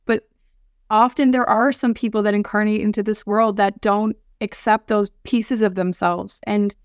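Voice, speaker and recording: A woman's voice: medium pitch, clear, resonant tone, dry recording, studio quality. A woman guest on a podcast, speaking earnestly and from the heart, often restarting her sentences.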